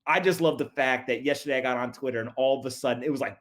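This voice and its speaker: A man co-hosting a podcast, explaining news items in quick, offhand casual chat. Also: mid-range voice, steady tone. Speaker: podcast co-host.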